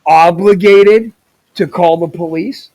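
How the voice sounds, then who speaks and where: A man with a somewhat high voice in casual podcast talk. He builds his argument through hypothetical questions and keeps pressing them over others' interruptions. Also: steady tone, takes it slowly, crowd noise, low-quality recording.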